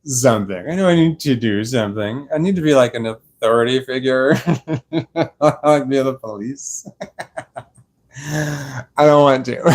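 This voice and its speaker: A young man rambling slowly on a live stream from his sofa, tired and a little slurred, laughing often. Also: mid-range voice, lively intonation. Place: dark room on a sofa at home. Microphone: clip-on microphone.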